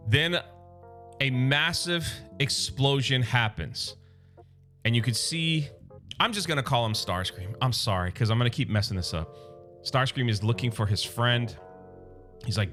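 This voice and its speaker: A man casually recapping a comic book story, chatty and excitable, acting out the characters' lines as he goes. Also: a little high, measured pace, faint music behind.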